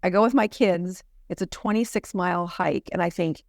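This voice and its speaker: Her lowish, slightly mellow voice moves at normal speed with few pauses as this middle-aged U.S. physician earnestly tells a personal story, often restarting with "you know." Studio quality, no echo.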